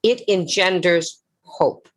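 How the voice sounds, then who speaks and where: A woman's voice: on the low side, slow. An older woman, an actress, telling dramatic stories as a guest at a live interview event. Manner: theatrical, dramatic storyteller. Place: live event before an audience.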